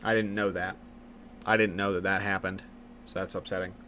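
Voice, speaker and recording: A young man streaming live late at night, teasing his chat and jumping from low mumbles to sudden yells. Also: brisk, a little hiss or hum. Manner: excitable, teasing, jumps from mumbling to yelling.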